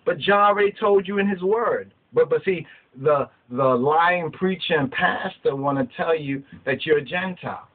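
A man's voice: on the high side, moderate pace. Streetwise man preaching over tinny audio. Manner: preachy, streetwise, keeps asking "you understand?". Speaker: Rastafari teacher. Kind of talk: impassioned scripture teaching.

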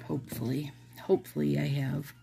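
Woman nail vlogger, low and husky with fry, slow rambling chat to viewers. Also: steady tone, warm tone, a little hiss or hum. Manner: rambling, chatty, addresses viewers as "you guys". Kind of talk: casual chat while doing a manicure.

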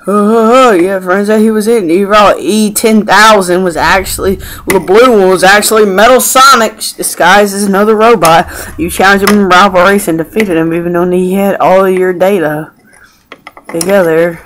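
A man hosting an improvised fan comedy show as a mock TV host, rambling and excitable with mild cursing. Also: high voice, normal speed, a little hiss or hum, rough recording.

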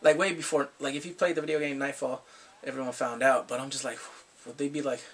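A man's voice: mid-range voice, level tone, fast, slightly rough, far from the mic. A man casually recapping and reviewing a TV episode, laughing often and acting out characters' lines.

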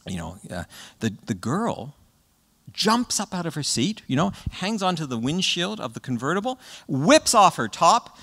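A man giving a public talk to parents, an animated storyteller who often checks in with "right?" and acts out what children say. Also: high-pitched, unhurried, in a large hall. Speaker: guest speaker. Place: presentation hall.

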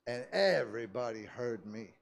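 A man, a pastor, telling a story in a sermon, dropping to hushed asides, shouting prayers and laughing often. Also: mid-range voice, lively intonation, normal speed, vocal fry. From United States. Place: church service.

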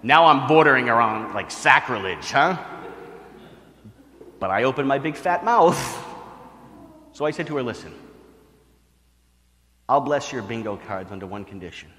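A middle-aged priest, giving a retreat talk full of stories and playful acted-out voices. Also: male voice, medium pitch, moderate pace, long pauses. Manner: animated storyteller, acts out voices. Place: church. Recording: church hall reverb.

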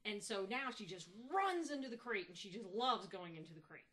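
A woman with a bright, forceful voice is chatting in a casual interview. She tells her stories haltingly, restarting her sentences often, and turns lively whenever she imitates someone. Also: mid-range voice. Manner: halting, many restarts, animated when mimicking.

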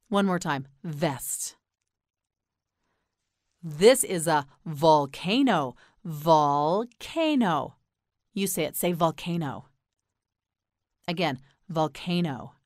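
An American woman teaching English pronunciation, slowly enunciating words and patiently prompting the listener to repeat them. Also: on the low side, lively intonation, darkish tone, no room sound, clean studio sound. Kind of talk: slow repeat-after-me pronunciation drill.

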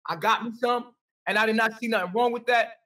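A man's voice: very high-pitched, fairly even intonation, a little fast, pushed and bright, distant mic, rough recording. A man answering questions on a call, rambling and repeating himself defensively. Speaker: interview guest.

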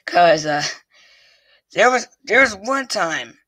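This YouTube vlogger has a high-pitched, animated, bright voice with a forceful tone, recorded dry on a desk mic with a pop filter. He rambles casually to his viewers, halting, restarting, and repeating phrases over and over before he finishes a thought.

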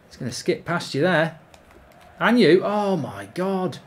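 Excitable sweary man gaming. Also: high-pitched, a little slow, slightly rough. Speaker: gaming streamer. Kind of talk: live gameplay commentary.

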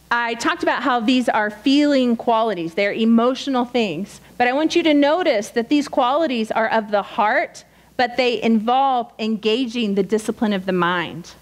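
In a retreat session hall, a woman speaker delivers a sermon at a women's retreat, earnest and direct, teaching with quoted asides. Her voice is on the high side at a moderate pace, and the recording is rough.

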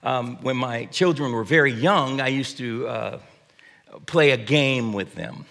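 A middle-aged pastor preaches with an easygoing, humorous storytelling manner, often pausing on "uh" and "um." His voice sits at an ordinary middle pitch. A long reverb from the church hall trails his words. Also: vocal fry. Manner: warm, humorous storytelling with frequent fillers. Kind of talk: sermon with storytelling. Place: church sanctuary.

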